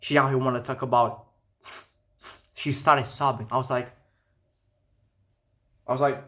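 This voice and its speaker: A young man telling a casual, profane storytime rant, animated and incredulous. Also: high-pitched, moderate pace. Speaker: vlogger.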